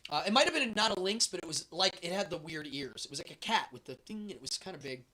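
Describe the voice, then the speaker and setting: A man's voice: high-pitched, lively intonation, quick pace, pushed and bright. A man hosting a show, telling a travel story in a casual, rambling way with many fillers.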